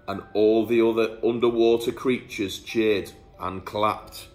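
Slow, low-voiced man reading a bedtime story. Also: steady tone, a little mellow, faint music behind. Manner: rhyming storyteller, playful. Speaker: teacher reading aloud. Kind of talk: read-aloud bedtime story. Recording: echoey room.

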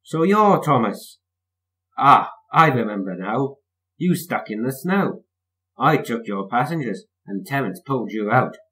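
A friendly, boastful bus from a storybook who drags out his words in a slow, teasing drawl, as a man reads him. His voice stays close to the reader's own, of middling pitch. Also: sing-song, fairly bright tone, low-quality recording. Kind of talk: storybook reading.

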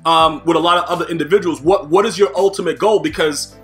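A man asks questions in a high voice, stopping and restarting often as he hosts a casual interview. Faint music sits underneath his voice. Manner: halting questions with many restarts. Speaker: host.

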